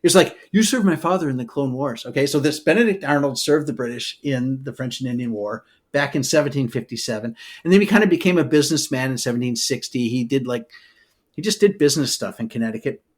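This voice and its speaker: A man co-hosting a podcast, telling history as a loose, animated story, full of "okay" and "all right" asides. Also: medium pitch, fast talker. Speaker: podcast co-host. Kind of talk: casual storytelling chat.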